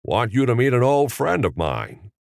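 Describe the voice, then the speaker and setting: A man's voice: mid-range voice, big pitch swings, normal speed, gravelly, darkish tone, no room sound, studio quality, voice pushed up. A man voicing a folksy, drawling middle-aged movie star with a hesitant manner. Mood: genial. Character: Jimmy Stewart impression, folksy stammering middle-aged man.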